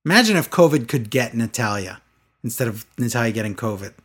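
A man's voice: mid-range voice, expressive, brisk, slightly rough. Sarcastic man ranting about a show. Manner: sarcastic, exasperated, mocking. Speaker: wrestling show reviewer. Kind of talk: casual chat.

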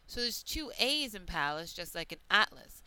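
A woman teaching a pronunciation lesson, reading out example words slowly and deliberately. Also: mid-range voice, sing-song, sharp tone, smooth, no echo, rough recording. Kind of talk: slow, careful pronunciation lesson.

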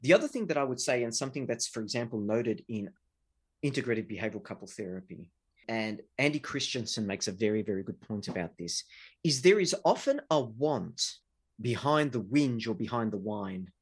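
Husky and animated, a middle-aged man speaks briskly at a medium pitch. He is a relationship researcher giving an earnest interview explanation of couple conflict, backed by examples.

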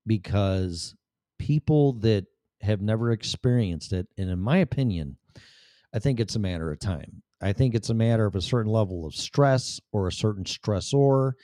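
A man's voice: on the low side, dark tone, no echo, studio quality. A middle-aged man talking candidly to the camera in a blunt, rambling, profane way. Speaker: vlogger. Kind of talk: candid personal monologue.

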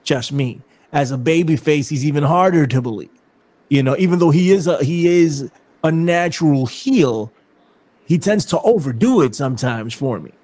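A man's voice: a little high, animated, a little mellow. A man hosting a wrestling podcast, stumbling over his words and repeating himself as he chats. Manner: halting, repeats words, laughs easily. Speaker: podcast host. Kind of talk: casual chat.

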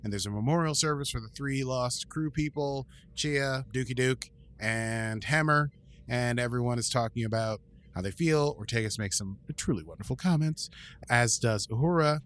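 Man, podcast co-host, casual recap, animated, mid-pitched voice. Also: moderate pace. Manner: animated, acts out quotes in voices.

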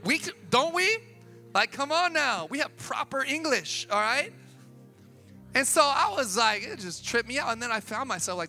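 A pastor from Sacramento preaching a sermon, energetic, building to emphatic peaks with casual asides, in a church auditorium. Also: male voice, very high voice, moderate pace. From Sacramento, California. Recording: long hall reverb with faint music.

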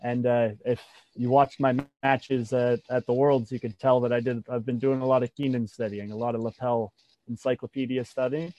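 Halting man talking grappling training, dull dry sound. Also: mid-range voice, little pitch movement, mellow, no echo. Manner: halting, with many fillers and restarts. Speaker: jiu-jitsu competitor and instructor. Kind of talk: casual interview talk.

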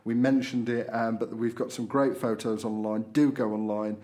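A man's voice: medium pitch, flat delivery, normal speed, dark tone. A man hosting a podcast, chatting casually through local and political news with frequent fillers. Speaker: podcast host.

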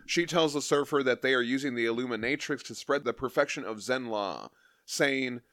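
A man's voice: mid-range voice, moderate pace, a bit bright, dry recording, clean studio sound. A man co-hosting a comic book podcast, chatting loosely with many fillers and reading quoted lines with flair. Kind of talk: casual chat, reading comic dialogue aloud.

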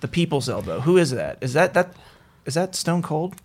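A man's voice: fairly high pitch, big pitch swings, moderate pace, slight background noise. A man hosting a podcast in casual chat, joking, swearing and laughing often as he introduces his guests. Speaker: podcast host.

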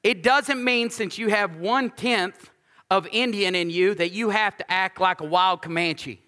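A male pastor with a high, bright, forceful voice preaches in a lively, joking, conversational way. He drives points home by repeating lines, and his voice rings with the long reverb of a large church hall. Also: a little slow. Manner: repeats key lines for emphasis. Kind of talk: sermon.

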